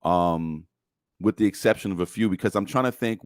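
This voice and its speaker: Male co-host, very deep voice, rambling delivery, searches for words, dry sound. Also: brisk, a little mellow, no room sound. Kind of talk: casual chat.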